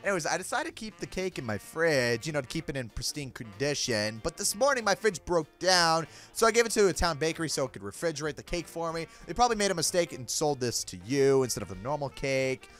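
A man voicing a calm, matter-of-fact adult woman friend in a game role-play. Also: a little high, fast, hardly any pauses, soft background music. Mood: explaining.

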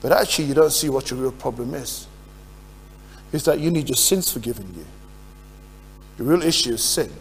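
A man's voice: medium pitch, animated, moderate pace, long pauses, a little hiss or hum. A man preaching as pastor, earnest and putting questions to his congregation. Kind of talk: sermon. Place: church. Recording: reverberant church hall.

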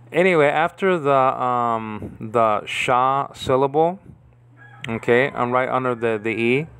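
A man's voice: medium pitch, gravelly, fairly bright tone. A man teaching biblical Hebrew in an informal lesson, stopping and starting, repeating words and checking in with "okay?". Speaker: Bible language teacher.

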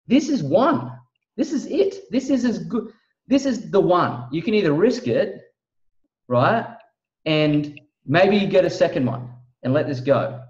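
A man giving an emphatic, preachy motivational sales pitch as a guest on a video call. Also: expressive, unhurried, darkish tone, roomy sound, far from the mic, dull audio.

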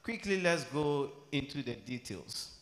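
A Ghanaian man with a Ghanaian English accent doing a loud, playful stand-up comedy set on a theatre stage, switching into local slang and quick impressions. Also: medium pitch, animated. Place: large theatre stage with a live audience. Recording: roomy theatre with long reverb.

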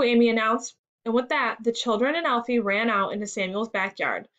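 A woman teacher reading a third-grade lesson and story aloud in a clear, measured way. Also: a little high, fairly bright tone, lo-fi sound.

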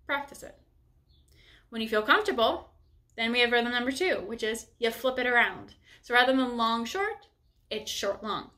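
Young female teacher, bright slightly high voice, cheerful step-by-step instruction. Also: fairly quick. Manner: upbeat, encouraging, explains step by step. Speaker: bassoon teacher. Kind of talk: instructional music lesson.

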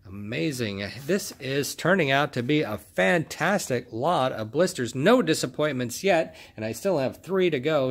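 A man hosting his own collecting video, giving casual, enthusiastic commentary while unboxing and inspecting toy cars. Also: mid-range voice. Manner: enthusiastic, exclaims over each find.

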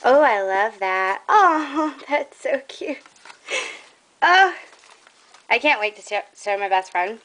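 A woman's voice: on the high side, lively intonation, slow, pauses often, a bit bright. A young woman showing off a craft trade in a casual vlog, gushing and admiring, a bit out of breath.

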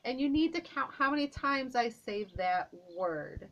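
A woman's voice: high-pitched, expressive, a little slow, fairly bright tone, dull audio, a little hiss or hum. A woman vlogger chatting to camera at home, gushing and repeating herself, a little out of breath. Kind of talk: casual chat to camera. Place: at home, indoors.

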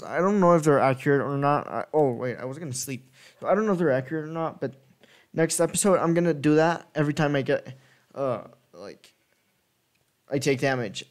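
A gaming video creator gives casual gameplay commentary in a fairly high-pitched male voice, talking a little fast. He rambles and corrects himself as he thinks out loud.

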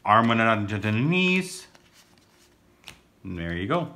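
A man's voice: on the low side, very animated, slow pace, bright, forceful tone. A man casually narrating as he opens card packs, rambling and goofy, now and then breaking into silly sing-song. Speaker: card-opening vlogger. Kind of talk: casual pack-opening commentary.

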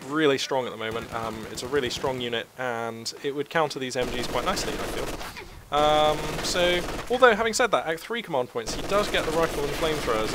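A young man doing live match commentary, chatty and wry, with plenty of fillers and self-mocking asides. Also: on the high side. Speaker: game caster. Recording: game battle sounds and gunfire behind. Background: gunfire, vehicles and battle noise from the match.

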